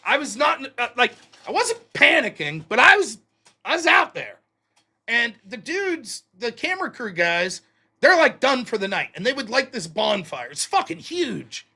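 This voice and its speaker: A man's voice: very high voice, very animated, normal speed, creaky, sharp tone, husky. A male live stream host telling profane, rambling anecdotes in a casual storytelling way.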